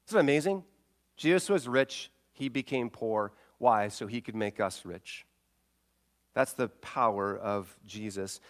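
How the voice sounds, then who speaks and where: Preaching man, swelling and hushing. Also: medium pitch. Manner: swells loud on key points, drops to a hush in stories; quotes scripture and retells conversations. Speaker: pastor. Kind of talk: sermon.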